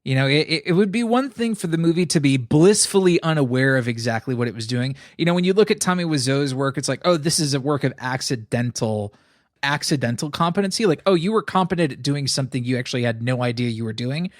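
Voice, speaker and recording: A man's voice: mid-range voice, quick pace, dry recording. Podcast co-host guy, voice jumps all over, blunt and sweary, dry close sound. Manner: expressive, blunt, swears casually. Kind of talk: casual movie review chat.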